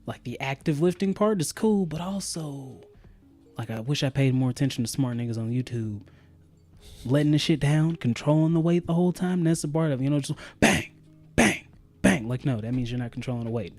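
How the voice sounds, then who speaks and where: A man co-hosting a podcast in loose, profane casual chat, telling animated stories. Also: medium pitch, fairly quick, soft background music. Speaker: podcast co-host.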